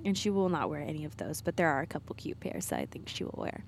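A woman's voice: low-pitched, very animated, fast talker, creaky. A woman co-host talks casually into a mic from a parked car. She rambles through her story and laughs at herself. A faint background hum sits under her voice. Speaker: podcast co-host. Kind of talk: casual solo chat.

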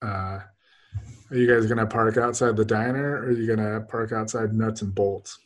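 A man's voice: lowish voice, fairly even intonation, moderate pace. A man narrating as game master of a tabletop game, casual and often laughing.

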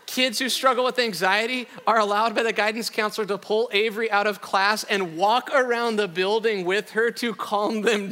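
A middle-aged pastor from Iowa delivers a sermon in a bright, high-pitched voice. He keeps it loose, joking, with casual slang. The sound carries a long reverb from a large hall. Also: fairly quick. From Iowa, USA.

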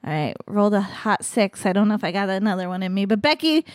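A woman's voice: mid-range voice, expressive, fast, darkish tone, no room sound, studio quality. Chatty upbeat woman playing a tabletop game. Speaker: player. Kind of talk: casual tabletop game play.

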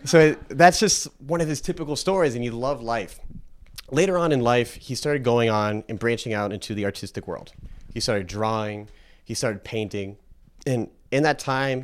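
A man telling a story in a casual, animated way, sometimes acting out the people in it. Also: medium pitch. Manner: animated, acts out characters with a put-on accent. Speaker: speaker telling a story about a scientist.

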